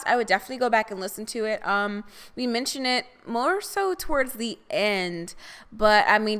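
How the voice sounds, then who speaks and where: A woman's voice: a little high, a bit bright, clear, resonant tone. A young woman co-hosting a podcast, telling a story in casual chat, swearing freely, rambling and breaking into laughter often. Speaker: podcast co-host.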